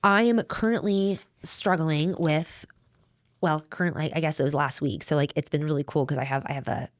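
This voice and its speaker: A woman's voice: deep voice, fairly even intonation, moderate pace, no room sound, studio quality. A middle-aged woman co-hosting a faith podcast, talking in an earnest, heartfelt way that rambles and restarts. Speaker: podcast co-host. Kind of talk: faith-based conversational podcast.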